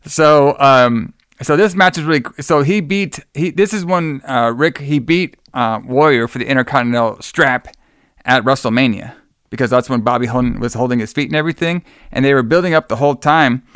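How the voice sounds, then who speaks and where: A man's voice: medium pitch, brisk, a bit bright, clear, resonant tone, no room sound, clean studio sound. A man hosting a casual podcast chat, enthusiastic, rambling and profane. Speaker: podcast host.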